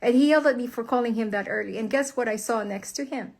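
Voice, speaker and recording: Talking fast in a voice on the high side, a woman vents to the camera about her husband. She is very angry, emphatic and profane, addressing viewers as "guys" in this heated personal rant as a wife speaking out online.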